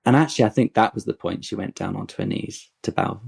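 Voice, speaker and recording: Man with a low, gravelly voice telling a story. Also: fast. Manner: animated, digressive anecdote with acted-out quotes. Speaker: guest telling his fan story. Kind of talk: casual podcast storytelling.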